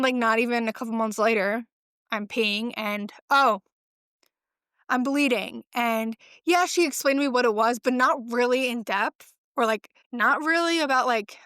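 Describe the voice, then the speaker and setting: A woman's voice: fairly high pitch, normal speed, a bit bright, smooth, no room sound, clean studio sound. Chatty swearing woman in her twenties. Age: 20s. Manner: chatty, swears often, many "like" fillers. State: pregnant. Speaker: podcast host. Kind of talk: casual solo chat.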